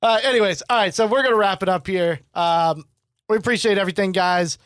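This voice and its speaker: A man in his twenties co-hosting a podcast, chatting casually and telling animated, profane stories. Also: sits high, brisk, dry recording, studio quality. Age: 20s. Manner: animated storyteller, swears freely. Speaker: podcast co-host. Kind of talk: casual chat.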